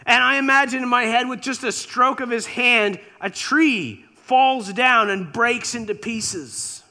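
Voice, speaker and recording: A man's voice: very high voice, measured pace, bright, forceful tone. A man preacher telling a scripture story in a sermon with dramatic, imaginative retelling.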